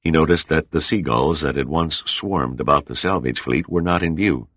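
Very deep-voiced male audiobook narrator. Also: moderate pace, a bit bright, no echo, clean studio sound. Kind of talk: scripted narration.

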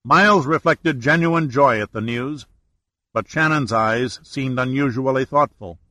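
A man narrating an adventure novel as an audiobook reader, in steady storytelling. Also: mid-range voice, unhurried, no echo. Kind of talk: scripted narration.

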